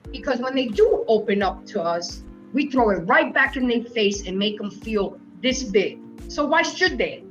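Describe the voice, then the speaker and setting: A woman's voice: fairly high pitch, fairly bright tone. A woman hosting a casual panel debate, talking emphatically and telling stories from her own life, over slightly dull lo-fi stream audio. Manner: emphatic and storytelling. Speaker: show host.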